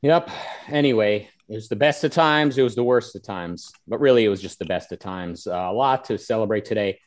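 A man hosting a casual panel talk, animated and rambling with many fillers, reading out viewer comments. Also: fairly low pitch, fairly quick. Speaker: host.

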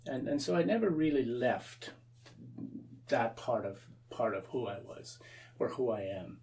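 Gravelly-voiced priest telling a story. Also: male voice, medium pitch, animated, a little slow, a little mellow, recorded from a distance, slight background noise. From Canada. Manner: repeats words and restarts often, acts out quoted voices. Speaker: Anglican priest, interview guest. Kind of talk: storytelling in a conversational interview.

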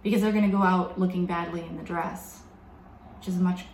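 A woman preaching a sermon in a reflective, measured way, slowing down to stress key words. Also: lowish voice, fairly even intonation, darkish tone, slight background noise. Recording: echoey room with faint background ambience.

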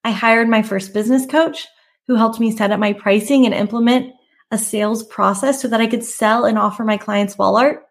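A woman's voice: fairly high pitch, steady tone, moderate pace, gravelly. A woman host of a podcast for photographers, talking candidly and conversationally about her own path, with emphatic rises now and then. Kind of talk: personal storytelling monologue.

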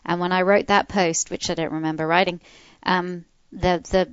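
A woman's voice: lowish voice, little pitch movement, normal speed, smooth, dry recording, highs cut off. A woman dog trainer speaking candidly as a guest in a casual conversation, emphatic at times.

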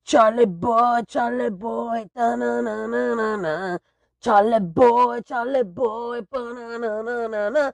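A woman's voice: expressive, creaky, darkish tone, slightly rough, no room sound, exaggerated voice. A woman voicing her older father as a bewildered, stubborn man who stalls on "eh" fillers and insists he is right. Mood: insistent. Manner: pitched up, halting with "eh" fillers.

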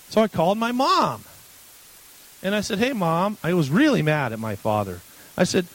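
A man in his forties, preaching as a guest, tells a personal story in a candid, conversational way, restarting when emotion takes over. His voice is a little high with big pitch swings and a moderate pace, on poor audio.

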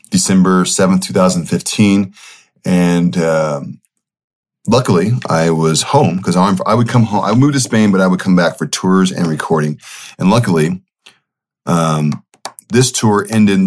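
A man's voice: low-pitched, measured pace. A young man hosting a podcast, telling a personal story in a loose, rambling way with many fillers and self-corrections. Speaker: podcast host. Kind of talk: casual storytelling monologue.

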